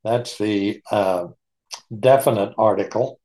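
Unhurried man leading a Bible study. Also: medium pitch, darkish tone. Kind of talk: online Bible study teaching.

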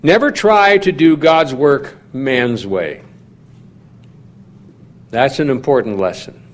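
A man preaching a sermon in a measured, teaching manner, putting questions to his listeners. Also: mid-range voice, lively intonation. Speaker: pastor.

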